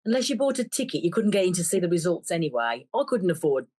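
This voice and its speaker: Lively woman telling a story. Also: on the low side, fast talker, slightly rough. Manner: lively, acts out quoted voices. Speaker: brass band member. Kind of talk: animated storytelling.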